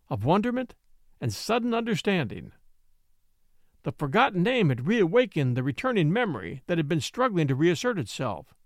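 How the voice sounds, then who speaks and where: Man narrating an adventure audiobook, animated. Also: fairly high pitch, no room sound, clean studio sound.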